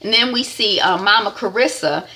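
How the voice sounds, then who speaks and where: A woman casually recapping a TV episode, telling it in an animated way with lots of fillers and acted-out quotes. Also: medium pitch, normal speed. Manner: animated storytelling with many fillers, acts out quotes. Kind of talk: casual chat.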